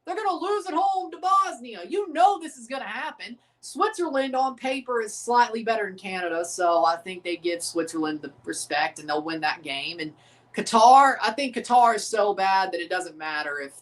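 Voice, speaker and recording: A man's voice: sits high, moderate pace, a bit bright, distant mic. A man hosting a live sports watchalong, ranting profanely and repeating himself. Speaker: livestream watchalong host. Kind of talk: live sports reaction rant. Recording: voice a bit off the mic.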